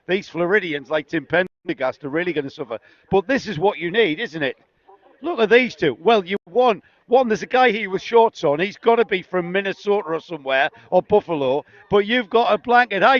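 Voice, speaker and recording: A man's voice: high-pitched, lively intonation, brisk. A middle-aged man from northeast England with a northeast English accent, doing chatty, teasing on-the-spot interviews outdoors at a racetrack with a handheld mic. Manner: chatty and teasing, jokey banter. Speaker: trackside roving interviewer. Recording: dull lo-fi outdoor sound.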